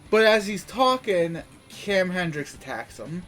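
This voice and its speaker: A man's voice: sits high, lively intonation, measured pace, hardly any pauses, a bit bright, faint music behind. A man giving a casual, rambling wrestling recap, full of fillers and restarts.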